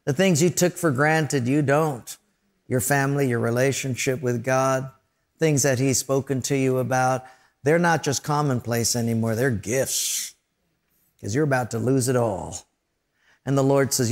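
Speaking in a mid-range voice at a measured pace, a pastor delivers a storytelling sermon. He acts out characters' voices and adds sound effects as he goes.

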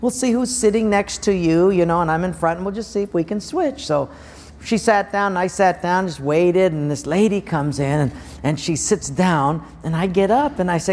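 Animated preacher in a reverberant hall. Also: male voice, normal speed. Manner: animated storytelling, acting out voices with big pitch jumps. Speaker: pastor. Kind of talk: sermon.

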